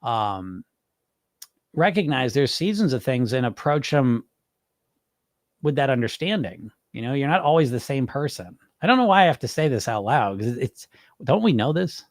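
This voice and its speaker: Animated, swearing male podcast host. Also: medium pitch, normal speed, no echo, studio quality. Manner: animated, profane, rambling. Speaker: podcast host and weight-loss coach. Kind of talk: casual podcast chat answering viewer comments.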